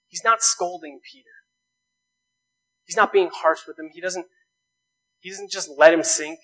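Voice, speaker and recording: A man's voice: sits high, a little slow, long pauses, fairly bright tone, low-quality recording. A man preaching a sermon, earnest, building emphasis through rhetorical questions. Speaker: pastor.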